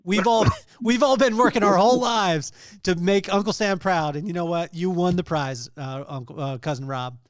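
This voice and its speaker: Male podcast host, playful teaser, slightly high voice, dry mic. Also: normal speed, no room sound. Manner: teasing and playful. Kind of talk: casual chat.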